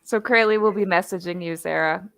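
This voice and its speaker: A woman's voice: fairly low pitch, fairly quick, gravelly, a bit bright. A woman hosting a casual cosplay chat, upbeat and steering the topics. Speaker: cosplay podcast host.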